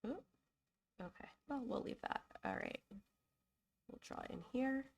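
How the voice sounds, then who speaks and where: Gravelly-voiced woman hosting a live design stream. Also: high-pitched, huge pitch swings, measured pace. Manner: chatty, thinking aloud with fillers and self-corrections; openly emotional and apologetic. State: getting over a cold. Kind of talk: casual live design commentary.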